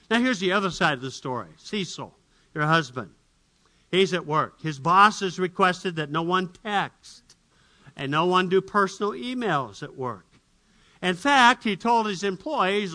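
Bright-voiced man telling a story, acts out the characters, high voice. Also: lively intonation, unhurried. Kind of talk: storytelling illustration.

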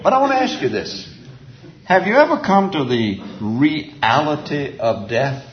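An older man with a mid-range voice preaches a sermon to a men's group in a folksy, chuckling style, drawing out emphatic phrases that he repeats. The recording sounds roomy, dull, and lo-fi, with slight background noise.

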